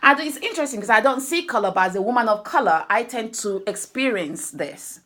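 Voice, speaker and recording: A middle-aged woman with a Nigerian accent tells her stories in a casual chat. Her voice sits a little high, and she talks with animated energy. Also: a little fast. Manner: animated storytelling, acts out other people's voices. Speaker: podcast co-host.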